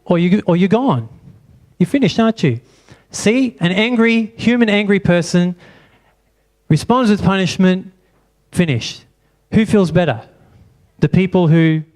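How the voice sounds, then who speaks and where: Brief: male pastor, fairly high voice, preaching and quizzing the congregation in church. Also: a little slow, pauses often, a little mellow. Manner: asks the congregation many rhetorical questions. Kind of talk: sermon.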